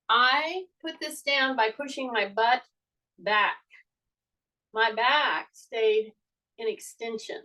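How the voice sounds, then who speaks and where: Older female fitness instructor, high voice, heard from a distance off the mic; coaches a class with repeated cues and playful ribbing. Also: fairly bright tone. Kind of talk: live online exercise class instruction.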